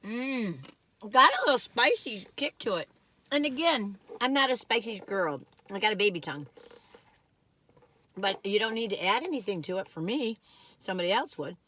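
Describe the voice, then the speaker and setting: Chatty lady taste-testing fast food on her vlog, rambly, bright voice, a bit of room hum behind. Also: medium pitch, lively intonation. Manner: chatty and rambling, laughs often, talks while eating. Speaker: vlogger doing a food taste test. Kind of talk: casual chat.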